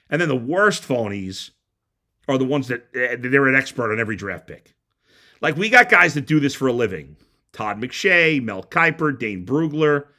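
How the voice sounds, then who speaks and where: Heated, animated sports talk man. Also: medium pitch. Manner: blunt and heated, stumbling restarts. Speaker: sports talk show host. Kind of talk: opinionated sports radio rant.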